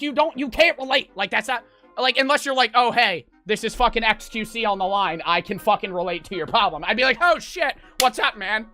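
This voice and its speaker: A man streaming from his home setup tells a story-time rant to his chat in a bright, forceful voice. He swears freely and plays out both sides of the phone calls, jumping from near-shouts to low muttering. Faint music plays behind him. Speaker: live streamer.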